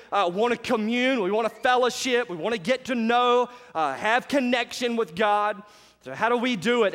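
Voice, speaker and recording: A male pastor, preaching in an animated storytelling way and asking the congregation questions as he goes. His voice sits high for a man. The sound carries a long reverb from a large church hall. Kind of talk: sermon.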